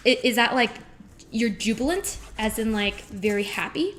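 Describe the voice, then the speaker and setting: A woman's voice: fairly high pitch, animated, normal speed, a bit bright, a little hiss or hum. A woman streaming live from her kitchen as she cooks, chatting playfully with her viewers, reading their messages aloud and trading puns with them. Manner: playful, punning, reads chat aloud and answers it. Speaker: livestreamer. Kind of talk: live cooking stream chat. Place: home kitchen.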